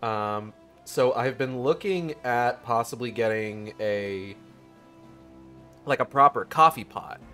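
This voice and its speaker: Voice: medium pitch, slow pace, bright, forceful tone, faint music behind. A streamer chatting casually while playing, rambling and trailing off. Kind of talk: casual game stream chat.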